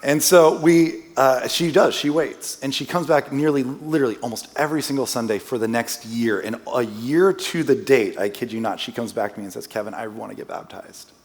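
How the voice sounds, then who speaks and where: A man with a mid-range voice talks fairly quickly, barely pausing, as a guest preacher in a church sanctuary. He tells a personal story casually, poking fun at himself with joking asides, in a conversational sermon style. The recording carries long church-hall reverb.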